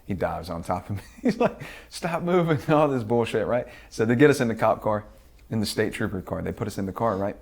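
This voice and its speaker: A man's voice: fairly low pitch, fairly quick, vocal fry. A man being interviewed as a guest, telling a story casually with lots of swearing and acted-out quotes. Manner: profane, lively storyteller who acts out quotes.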